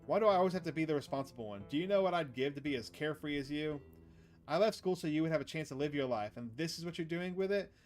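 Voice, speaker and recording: A man's voice: on the high side, natural voice. A man reading the lines of a responsible young woman who scolds her brother and a group of teens in a horror visual novel. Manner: lecturing, exasperated.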